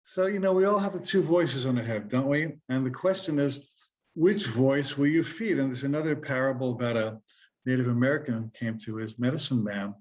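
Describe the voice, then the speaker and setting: A man's voice: mid-range voice, a little fast, darkish tone, dull audio. A man giving an earnest, conversational motivational talk, asking his listeners rhetorical questions. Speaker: self-help speaker.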